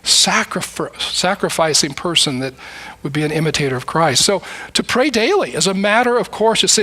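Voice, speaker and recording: Bright-voiced earnest man preaching. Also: sits high, lively intonation, moderate pace. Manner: earnest, conversational preaching with acted prayers and quotes. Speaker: guest preacher. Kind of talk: sermon.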